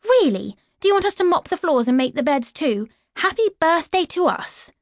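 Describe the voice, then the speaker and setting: A woman's voice: high-pitched, very animated, brisk, dry recording, voice pushed up. A defiant young schoolgirl, played by a woman, answering back with indignant sarcasm. The sound is dry and close, as in an audiobook. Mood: sarcastic.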